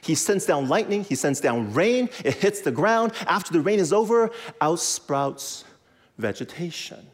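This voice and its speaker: A man preaching to a congregation in a lively, conversational way, repeating phrases for emphasis and leading the audience to say words back. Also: a little high, measured pace. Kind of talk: animated sermon with audience call-and-response.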